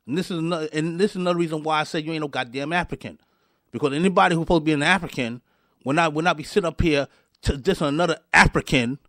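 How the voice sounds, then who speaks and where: Male host, heated commentary rant, high pitch, dry mic, repetitive and confrontational. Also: fairly bright tone, no echo. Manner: angry, repetitive, stumbling restarts, addresses listeners directly. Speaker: show host.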